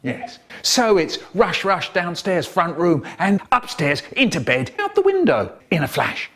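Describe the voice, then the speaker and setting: A man's voice: high voice, sing-song, a little slow, fairly bright tone. A man narrating an absurd comedic story in a jumpy way, now and then breaking into silly voices.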